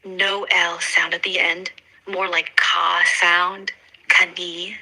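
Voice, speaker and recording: Synthetic female assistant, low-pitched and very bright, polite and eager, always checking back. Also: little pitch movement, slow pace, rough recording. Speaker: AI voice assistant on a call. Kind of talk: conversational assistant replies.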